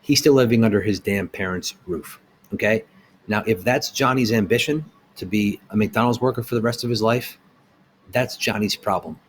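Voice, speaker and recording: Man, middle-aged, lowish voice, heated, blunt, rhetorical questions, business owner ranting. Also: moderate pace, a little hiss or hum. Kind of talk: opinion rant to camera.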